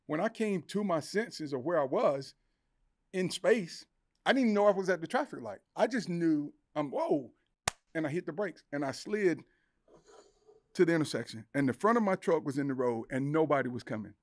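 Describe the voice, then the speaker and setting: A man's voice: on the high side, animated, moderate pace, slight background noise. A middle-aged man, a podcast guest, telling an emotional personal story with intensity, acting out the voices in his head. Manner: intense, acts out inner voices and quotes.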